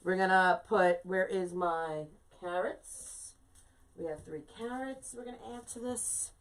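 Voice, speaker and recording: A woman's voice: fairly low pitch, a little slow. A woman in her fifties talks her way through a live craft demonstration. Her delivery is chatty and emphatic, leaning hard on key words. She breaks off now and then to greet viewers by name. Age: 50s. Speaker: craft instructor and shop owner. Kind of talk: live-streamed craft tutorial.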